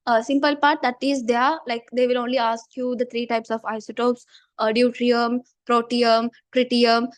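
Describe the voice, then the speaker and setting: High-voiced tutor woman, losing her voice. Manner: repetitive, checks understanding often. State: losing her voice, clearing throat. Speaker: chemistry tutor. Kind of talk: online class teaching.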